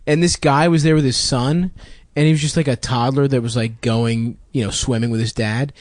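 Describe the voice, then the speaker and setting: A man telling a profane, self-mocking comic story on a podcast, laughing and jumping high for quoted voices. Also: a little fast, no room sound. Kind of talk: casual comedic storytelling.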